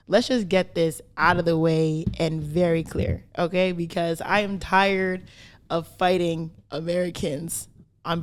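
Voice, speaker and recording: A young woman, co-hosting a podcast in casual chat and driving her points home with "right?" and "okay?". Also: fairly low pitch. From Canada. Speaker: podcast co-host.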